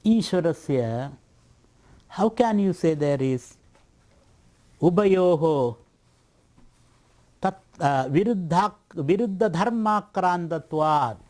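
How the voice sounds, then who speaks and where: Male spiritual teacher at a retreat lecture, bit high voice, laughs a lot, plays devil's advocate. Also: expressive, takes it slowly, pauses often, a little mellow. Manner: playful, laughing, voicing a doubter's objections.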